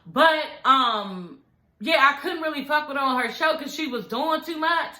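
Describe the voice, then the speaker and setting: A woman recapping a reality show to her viewers, gossipy and animated, swearing freely and calling her audience y'all. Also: sits high, moderate pace, roomy sound, low-quality recording.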